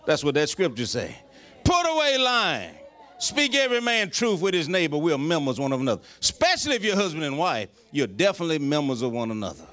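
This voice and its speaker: A pastor preaching a folksy, joking sermon. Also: male voice, fairly high pitch, big pitch swings, brisk, a bit bright.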